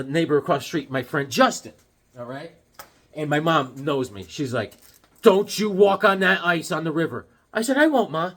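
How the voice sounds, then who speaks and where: A man casually telling a childhood story and showing comics from his collection, acting out yelps and other voices along the way. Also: a little high. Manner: animated, acts out voices and yelps mid-story.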